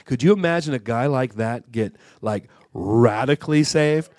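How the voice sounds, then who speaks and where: A man's voice: mid-range voice, expressive, normal speed, a little mellow, no echo, studio quality. A man preaching a sermon at a church conference, repeating and restarting words as he builds to fervent, rising calls. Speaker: guest preacher.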